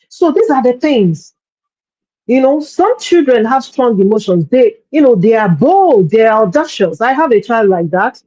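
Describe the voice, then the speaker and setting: A woman's voice: a little high, warm tone, no echo, lo-fi sound. A woman coaching parents in a workshop talk, speaking earnestly and often repeating words as she searches for her phrasing.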